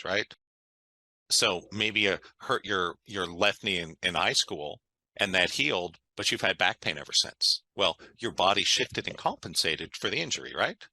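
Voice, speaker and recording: Bright-voiced man telling stories. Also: low voice, no room sound, rough recording. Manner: enthusiastic, conversational, frequent "right?". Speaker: guest. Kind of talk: interview storytelling.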